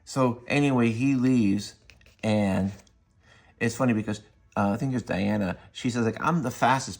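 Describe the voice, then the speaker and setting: A man's voice: lowish voice, darkish tone. A man casually retelling a comic book story in a rambling way, full of fillers. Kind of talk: casual spoken review.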